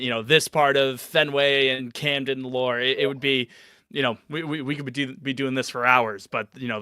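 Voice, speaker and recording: A man hosting a podcast interview, easygoing and quick to laugh. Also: medium pitch, bright, forceful tone, no echo, studio quality. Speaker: podcast host. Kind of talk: casual interview chat.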